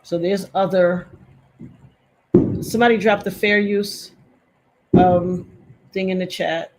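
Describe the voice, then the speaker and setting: A woman's voice: on the low side, fairly even intonation, slow. Impassioned middle-aged woman streamer. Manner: impassioned, emphatic and repetitive. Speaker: live-stream commentator. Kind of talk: live-stream commentary.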